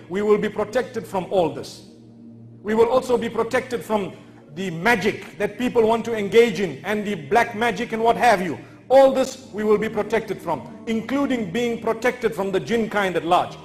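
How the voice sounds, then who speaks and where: High-voiced male preacher, emphatic. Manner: emphatic, repeats key phrases. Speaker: Islamic preacher. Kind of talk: sermon with humorous storytelling. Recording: echoey lecture hall.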